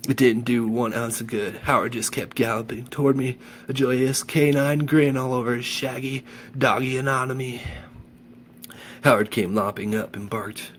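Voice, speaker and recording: A man reading a children's novel aloud with animated enthusiasm, then chatting about the chapter. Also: medium pitch, normal speed, slight background noise. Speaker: audiobook reader.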